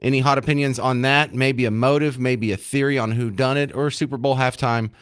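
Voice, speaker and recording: An older man hosting a call-in radio show in a studio, loud and animated, with big swings in pitch. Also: brisk, smooth. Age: older, has granddaughters. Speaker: radio talk show host. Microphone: studio microphone.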